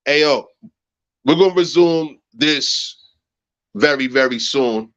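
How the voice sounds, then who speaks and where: A man hosting a heated livestream rant, profane and agitated. He repeats phrases and swings from low mutters to high shouts. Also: slow pace. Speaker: livestream host. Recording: muffled lo-fi livestream audio.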